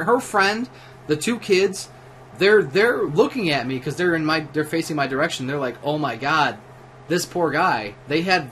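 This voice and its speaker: A man's voice: high voice, fairly bright tone, a little hiss or hum. A drunk man livestreaming at home, telling a profane, rambling story in a casual way, with many restarts. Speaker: livestream host. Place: at home while gaming.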